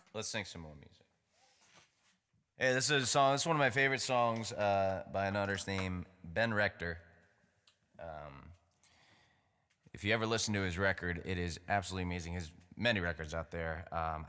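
A man's voice: sits low, pushed and bright, in a large hall. A man with a New York accent hosting a live concert from home, chatting casually and joking loosely between songs. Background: acoustic guitar playing.

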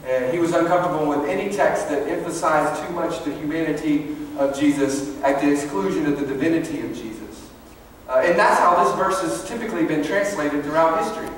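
A male pastor delivering a sermon in a church, preaching with passion and swinging between soft, low passages and loud, high peaks. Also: fairly quick, distant mic, slight background noise. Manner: impassioned, rising and falling preaching. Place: church sanctuary. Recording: very echoey church hall from afar.

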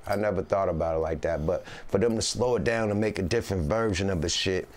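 A man's voice: sits low, fast talker, a little mellow. A man being interviewed as a rapper, talking in a loose, rambling way with Northern California slang and constant "you know what I mean". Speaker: rapper guest. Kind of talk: casual interview chat.

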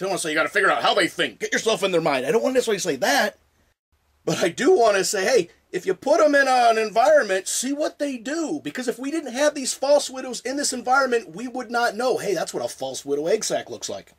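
Excitable high-voiced man vlogging. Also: husky. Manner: excitable, rambling, jokey. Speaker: spider video creator. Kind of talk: casual vlog.

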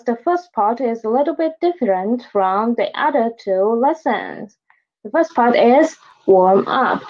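A woman's voice: on the high side, a little mellow, highs cut off. A woman teaching an online Chinese lesson, saying new words twice and asking learners to repeat after her.

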